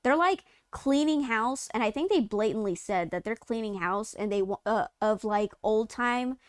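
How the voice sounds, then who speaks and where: A woman's voice: on the high side, animated, moderate pace, dry recording, clean studio sound. Rambling woman on a gaming news stream. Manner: rambling, many fillers and restarts. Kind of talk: casual chat.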